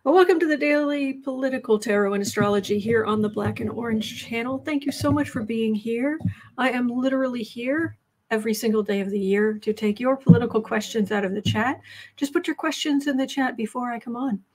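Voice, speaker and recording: A woman's voice: fairly high pitch, fairly quick, a little mellow, a little hiss or hum. A woman hosting a daily tarot livestream in a casual, rambling chat, with asides to her viewers. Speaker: livestream tarot reader and host.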